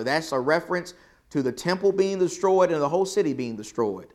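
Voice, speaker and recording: A man leading a Bible study lesson, quizzing the class and swinging from loud emphasis to quiet, soft remarks. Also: on the high side, animated, a little fast. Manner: questions the class, swells loud then drops soft for emphasis.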